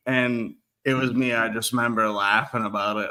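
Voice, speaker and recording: Chill guy saying dude a lot, bright sharp voice, casual podcast chat. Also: mid-range voice, steady tone, moderate pace. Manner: laid-back, says dude a lot.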